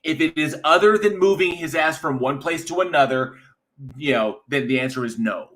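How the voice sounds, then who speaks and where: A man's voice: fairly high pitch, normal speed. An American man with a Georgia accent in casual livestream chat, blunt and cursing. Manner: blunt, swears, protests loudly. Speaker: co-host.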